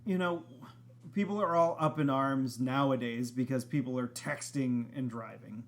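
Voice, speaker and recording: A man's voice: mid-range voice, moderate pace. A man from the area, co-hosting a casual chat podcast in a rambling, profane, self-mocking way. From Boston area, Massachusetts. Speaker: podcast co-host.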